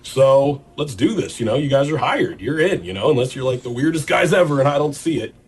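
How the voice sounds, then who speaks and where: An actor playing a laid-back young boss, easygoing and rambling, in a film clip. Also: male voice, medium pitch, lively intonation, brisk, a little mellow, slightly rough. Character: laid-back young male boss hiring two men.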